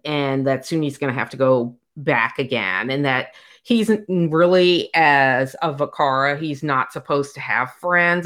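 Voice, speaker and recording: A woman with a low, deep voice chats casually as she recaps a story. She retells it with animation and slips into the characters' lines as she goes. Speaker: podcast co-host. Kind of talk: casual book recap chat.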